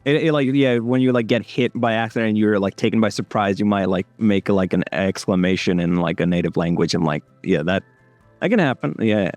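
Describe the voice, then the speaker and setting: A man's voice: fairly low pitch, a little fast, darkish tone, no room sound, soft background music. A young man from India with an American accent, a voice actor rambling casually with many fillers in an interview. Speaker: voice actor guest.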